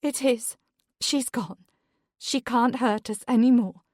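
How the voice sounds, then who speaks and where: A woman's voice: on the high side, slow pace, a little mellow, no room sound, clean studio sound, pitched above the performer's own voice. A woman reading an audiobook, voicing an injured, desperate mother calling urgently for her children. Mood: reassuring. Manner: urgent, strained pleading. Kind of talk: audiobook character voice.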